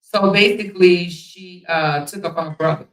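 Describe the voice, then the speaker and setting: Blunt, bright-voiced woman livestream host. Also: fairly low pitch, fairly even intonation, moderate pace, far from the mic. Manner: blunt, profane, fires rhetorical questions at viewers. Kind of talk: casual commentary livestream. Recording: echoey room, voice somewhat off mic.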